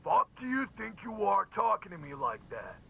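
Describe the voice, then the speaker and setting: A man putting on a shrill angry husband. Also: very animated, moderate pace, gravelly, sharp tone, husky, no echo, full character voice, low-quality recording. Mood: agitated. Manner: shrill, indignant. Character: agitated jealous middle-aged husband on phone.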